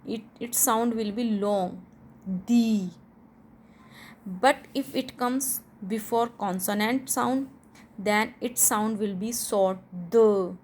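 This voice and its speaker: Slow, careful woman teaching pronunciation. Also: fairly high pitch, slight background noise. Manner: slow, deliberate, repeats example words. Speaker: English teacher. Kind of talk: explaining a pronunciation lesson.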